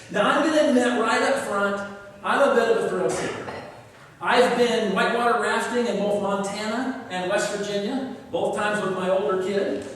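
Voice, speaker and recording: A man preaching a sermon as a pastor, telling stories in a lively way. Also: sits high, normal speed, slight background noise. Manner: lively storyteller, acting out the dialogue. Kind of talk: sermon with a joke. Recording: echoey church hall from far off.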